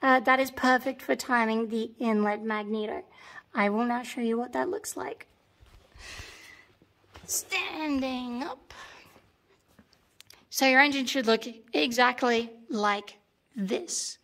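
Beside a tank engine in a workshop, an Australian woman who restores tanks gives a tutorial, filming on a phone held in one hand. Her voice is slightly hoarse, fairly high and bright, and she goes slowly with long pauses, explaining patiently step by step and repeating the key points.

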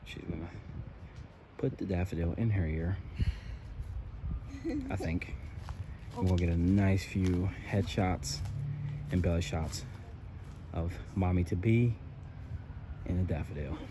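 A man's voice: low voice, slow, pauses often. A young man vlogging outdoors in the woods with a handheld camera, talking in a casual, joking, emotional way. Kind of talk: casual vlog narration. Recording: noisy outdoor camera audio.

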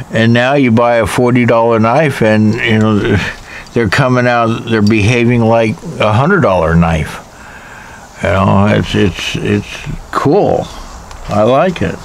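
A man's voice: lowish voice, slight background noise. A man casually reviewing a pocket knife in a rambling, wry way, with jokey asides.

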